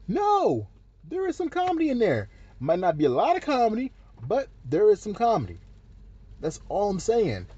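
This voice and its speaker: A man's voice: high voice, warm tone, breathy edge. A man delivering an opinion rant as a vlogger, emphatic and repeating his points with frequent restarts, on a dull lo-fi recording.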